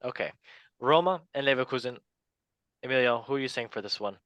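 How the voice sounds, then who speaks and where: A man's voice: medium pitch, fairly quick, a bit bright, no room sound, muffled recording. A man hosting a casual sports podcast, upbeat and jokey with a rambling way of talking. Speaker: podcast host.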